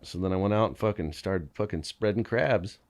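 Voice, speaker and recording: A man, a podcast guest, telling crude anecdotes in a casual, animated way, swearing often and laughing as he goes. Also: low-pitched, brisk. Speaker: podcast guest, band member. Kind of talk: casual storytelling.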